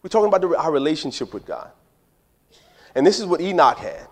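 A man's voice: on the high side, sing-song, quick pace. A man, preaching a sermon in a conversational, joking way that speaks straight to the congregation. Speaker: pastor.

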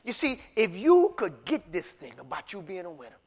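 A man preaching a sermon in casual, repetitive speech that swings from quiet storytelling to shouting. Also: sits high, huge pitch swings, normal speed, creaky, slightly rough. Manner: repetitive, casual street talk.

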